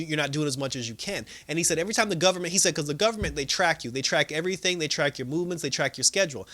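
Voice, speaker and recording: A young man casually recapping a TV episode in a chatty, loose way, full of fillers and quick laughs. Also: a little high, a bit bright. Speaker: TV episode reviewer.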